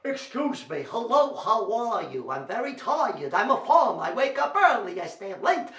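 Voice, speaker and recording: A man's voice: high-pitched, very animated, moderate pace, a bit bright, distant mic. A man voicing a tired adult farmer who pleads and fusses about the noise, in an echoey room. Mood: weary. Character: tired adult male farmer, weary and fretful.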